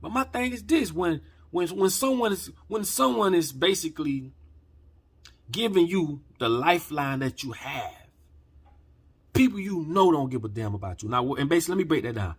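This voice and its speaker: Husky man ranting, heated and profane. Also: fairly high pitch, animated, moderate pace. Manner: heated, profane, preachy, swings from quiet to shouting. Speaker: channel host. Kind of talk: impassioned rant to camera.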